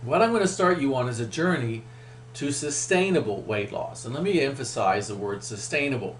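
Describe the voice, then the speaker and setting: A man's voice: medium pitch, animated, moderate pace. A middle-aged man presenting a weight loss program in a webinar, with an upbeat, emphatic sales manner. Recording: echoey room with faint hum.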